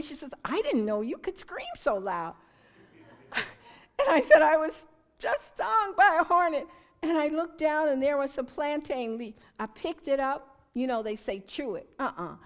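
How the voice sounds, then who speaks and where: An older woman speaks to a church gathering about natural remedies. Her voice sits somewhat high, and she tells her stories with animated, emphatic repetition. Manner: animated storyteller with emphatic repeats. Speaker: health presenter at church. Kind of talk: informal talk to a church group. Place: church hall.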